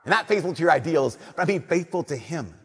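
A young adult man giving a sermon, telling animated stories and swinging between loud emphasis and soft, slow lines. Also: fairly high pitch, slightly rough. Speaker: Catholic priest. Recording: long reverb of a church.

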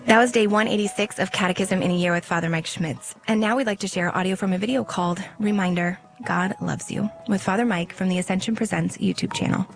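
A woman reading a scripted outro announcement in a smooth, brisk delivery. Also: medium pitch, steady tone, faint music behind.

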